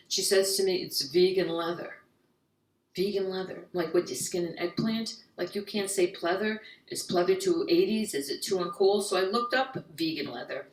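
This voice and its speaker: A woman comedian, delivering a stand-up set in a slightly low voice. She keeps tumbling into fast, fretful inner monologues. The sound is roomy and echoey, picked up from some distance off the mic. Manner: rapid anxious rambling in acted inner monologues. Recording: echoey room heard from far off.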